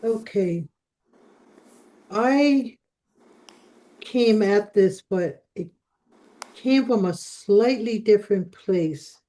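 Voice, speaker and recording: A woman's voice: mid-range voice, dark tone, low-quality recording. A woman in a religious study group, earnestly explaining her reasoning step by step in a casual discussion.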